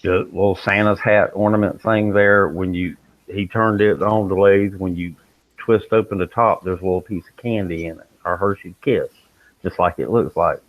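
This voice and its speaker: A man's voice: sits low, fairly even intonation, normal speed, dry recording. A man on a panel, talking in a laid-back, plainspoken way during a casual chat. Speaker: panel member. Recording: tinny phone-like line.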